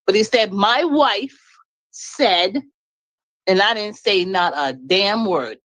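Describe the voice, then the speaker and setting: A woman's voice: mid-range voice, lively intonation, slow, a bit bright, dry recording, poor audio. A woman speaking up in an online talk room, venting bluntly and emphatically about her marriage and laughing as she talks. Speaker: caller sharing her story.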